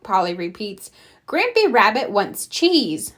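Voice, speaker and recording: A woman reading a children's picture book aloud, slow and expressive. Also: medium pitch. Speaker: storybook reader. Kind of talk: children's read-aloud narration.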